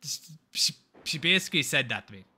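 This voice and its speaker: Bright-voiced young man. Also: mid-range voice, fairly quick, slightly rough. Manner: animated, rambling, swears freely. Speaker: game streamer. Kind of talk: casual storytelling while gaming.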